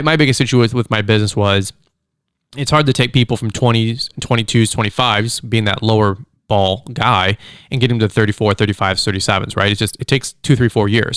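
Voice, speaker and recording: A middle-aged man hosting a casual solo podcast, chatty and animated, acting out quick quoted voices as he tells stories. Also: mid-range voice, clear, resonant tone, dry recording, studio quality. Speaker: podcast host, lawn care business owner. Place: studio.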